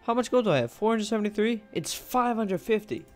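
Young male gamer: excitable, jokey, animated, a bit high-voiced. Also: a little fast, soft background music. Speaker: gamer, video host. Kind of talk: casual let's-play commentary.

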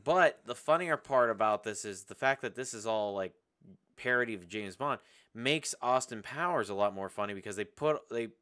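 Bright, clear-voiced guy. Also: medium pitch, expressive, moderate pace. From Southern US. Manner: jokey, acts out film lines, swears. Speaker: podcast co-host. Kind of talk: casual movie chat.

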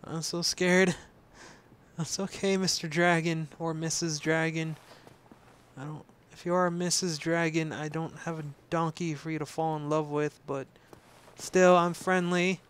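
A young man with a sore throat gives casual, chatty commentary as he plays a video game, jittery and quick to swear. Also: fairly high pitch, level tone, fairly bright tone, clear, resonant tone. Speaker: let's play host.

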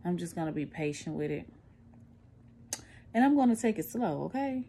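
A woman's voice: on the low side, expressive, moderate pace, dark tone, slight background noise. A middle-aged woman, chatting candidly to a phone camera at home, out of breath and tired after surgery. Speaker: vlogger. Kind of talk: casual post-surgery recovery vlog.

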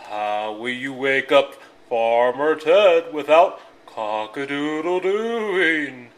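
A reader playing theatrical lowing cows. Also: expressive. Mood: mournful. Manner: slow, drawn-out and theatrical. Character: herd of cows, dramatic and mournful.

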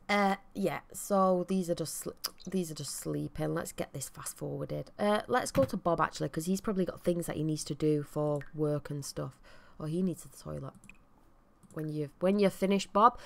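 A woman from Manchester, England, with a Mancunian accent gives chatty, rambling let's play commentary full of self-deprecating asides. Her voice sits on the low side with vocal fry, at normal speed.

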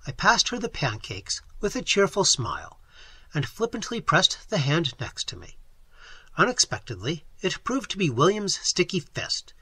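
A man's voice: on the high side, sharp tone, breathy edge, no room sound. A man reading a story aloud as audiobook narrator, telling it expressively. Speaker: audiobook reader. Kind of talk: scripted narration.

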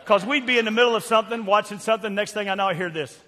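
An older man with a Southern US accent preaching a fiery sermon, loud and preachy with sudden shouts and quiet asides. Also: high voice, rapid-fire. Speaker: pastor. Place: church sanctuary. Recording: long church hall reverb.

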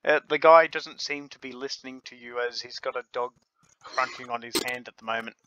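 A man running a tabletop game as game master, narrating in an unhurried, lively way, recorded on a home computer mic. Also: mid-range voice. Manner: unhurried, lively storytelling with light laughter. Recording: dull lo-fi with faint hiss.

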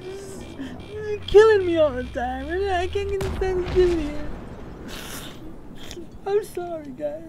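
A man's voice: fairly high pitch, noisy background. A man giving rambling, self-mocking voice-over commentary on his own gameplay, easily getting worked up. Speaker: gaming commentator.

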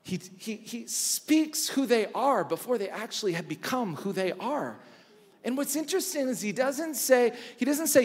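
A man's voice: very high-pitched, animated. Guy pastor preaching, repeats lines for emphasis, big echoey church sound. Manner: preaching with emphatic repetition and dramatic pauses. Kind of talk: sermon. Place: large church hall. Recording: church hall reverb.

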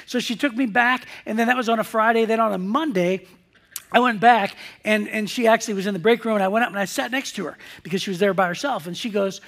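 A man's voice: very high-pitched, steady tone, fast talker, a bit bright. A middle-aged man preaching a sermon, chatty and storytelling, acting out the voices of people in his story. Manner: chatty storyteller, acts out quoted voices, many restarts. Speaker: pastor.

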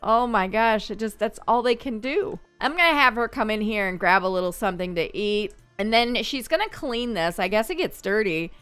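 A woman's voice: mid-range voice, expressive, fairly bright tone, smooth, faint music behind. Chatty woman narrating her gameplay. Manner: chatty, thinking aloud, quick to laugh. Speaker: gaming channel host. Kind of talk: gameplay commentary.

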